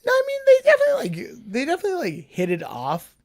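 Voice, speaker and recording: A man's voice: very high voice, wildly swooping pitch, fast. A man co-hosting a podcast in casual chat about a film, blunt and opinionated, swearing freely. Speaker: podcast co-host.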